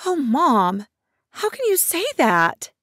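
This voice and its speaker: A woman voicing a tearful teenage girl who pleads with her mother in a high, strained voice, in an animated story. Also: slow, no room sound, studio quality, full character voice.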